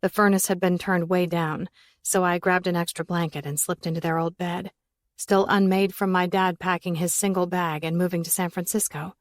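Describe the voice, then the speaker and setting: A woman's voice: lowish voice, flat delivery, moderate pace, no room sound, clean studio sound. A woman narrating an audiobook in the first person, with an intense, emotional delivery.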